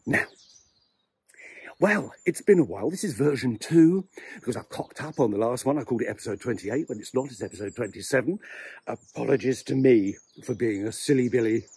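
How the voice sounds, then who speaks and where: Breathless, husky English man rambling. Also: medium pitch, animated, a little fast, darkish tone. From England. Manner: chatty, wry and self-mocking. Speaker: vlogger. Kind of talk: rambling walking vlog. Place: outdoor cemetery, walking.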